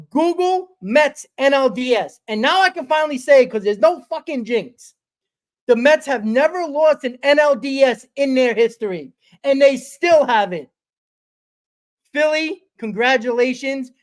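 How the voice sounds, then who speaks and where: A man hosting a sports fan show from his small home studio, ranting fast and excitedly, swearing and repeating himself. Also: very high voice. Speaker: host. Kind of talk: excited postgame fan rant.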